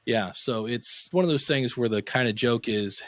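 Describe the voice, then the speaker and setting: A middle-aged man, a podcasting teacher, telling anecdotes in a casual interview and acting out quotes with sudden pitch jumps. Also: moderate pace, a bit bright, no room sound.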